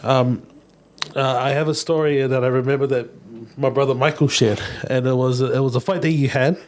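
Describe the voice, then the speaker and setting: A man hosting a podcast interview, speaking haltingly with many restarts. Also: medium pitch, steady tone, a little mellow. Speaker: podcast host. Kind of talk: casual interview.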